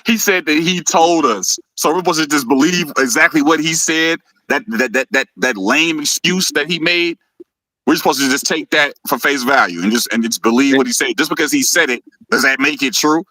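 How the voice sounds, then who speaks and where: Male live-stream host. Heated and mocking, bright forceful voice, very dry sound. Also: on the high side, normal speed, no room sound, low-quality recording. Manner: heated, mocking, laughs often, stumbles and repeats words. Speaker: host of a live video show.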